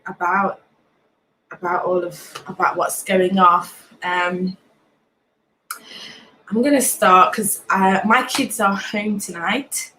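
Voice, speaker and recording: A woman in her late twenties with a Nottingham accent hosts a relaxed livestream, greeting viewers by name and laughing easily. She talks at an unhurried pace in a mid-pitched voice. A faint hiss of background noise sits under the recording. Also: low-quality recording. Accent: Nottingham English. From Nottingham, England. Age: late 20s. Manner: chatty, laughs often, greets commenters by name. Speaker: livestream host.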